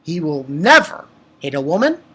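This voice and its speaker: A man casually recapping a manga chapter for his channel, rambling and excitable, with lots of fillers and restarts. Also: a little high, normal speed, slightly rough. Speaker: manga review channel host.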